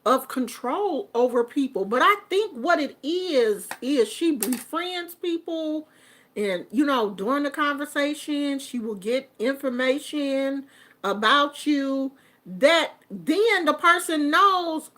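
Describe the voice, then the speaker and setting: High, bright, chatty middle-aged woman. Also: takes it slowly. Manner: animated, chatty, laughs often, sings snippets. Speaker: vlogger commenting on online drama. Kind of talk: casual commentary vlog.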